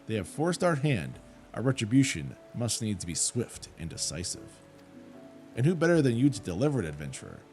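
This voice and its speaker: A man's voice: on the low side, wildly swooping pitch, moderate pace, a little mellow, faint music behind. A man reading a stern woman soldier. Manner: formal, commanding speech.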